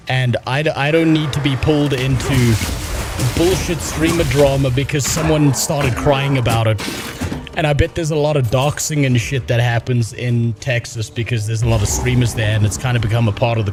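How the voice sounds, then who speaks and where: A young man streaming a video game, chatting casually in a blunt, profane and rambling way while reading chat. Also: mid-range voice. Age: young adult. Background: game music.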